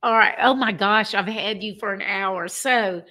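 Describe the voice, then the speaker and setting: A woman's voice: mid-range voice, measured pace. An older woman hosting a podcast interview, chatty and encouraging. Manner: warm listener, frequent short affirmations and laughs. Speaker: podcast host. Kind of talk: casual interview chat.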